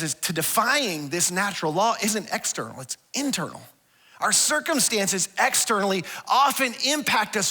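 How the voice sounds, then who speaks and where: A male pastor preaching with a high, bright, ringing voice. His delivery is conversational and lively. He often restarts and repeats words, and he acts out the voices in his stories. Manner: animated storytelling with acted-out quotes. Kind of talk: sermon.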